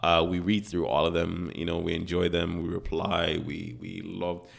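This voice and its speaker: A man's voice: sits low, little pitch movement, normal speed, creaky. A man co-hosting a podcast in casual chat, talking through a cold with a stuffy nose in a laid-back, filler-heavy way. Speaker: podcast co-host.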